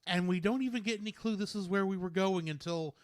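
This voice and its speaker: A man co-hosting a podcast reads out trivia and chats casually, playful and quick-witted. His voice is high-pitched with a darkish tone, captured in a dry recording.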